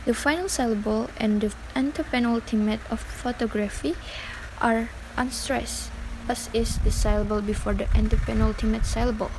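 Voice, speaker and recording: With faint background noise behind her, a young native Indonesian speaker with a slightly high voice and an Indonesian accent reads an academic lesson aloud. She goes carefully, hesitating a little and slipping up on minor points of grammar.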